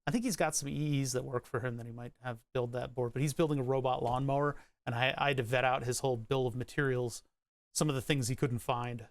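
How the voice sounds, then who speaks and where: A man's voice: medium pitch, fairly even intonation, fast, no echo. A man streaming live, rambling about electronics in casual, profane chat with frequent restarts and hiccups. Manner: rambling, profane, self-interrupting.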